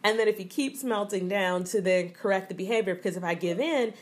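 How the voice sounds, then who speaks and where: A woman's voice: medium pitch, fairly quick. A woman from the American South, an older mother of a toddler, co-hosting a podcast in a reflective, rambling way with restarts. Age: older mom of a toddler. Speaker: podcast co-host. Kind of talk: casual podcast chat.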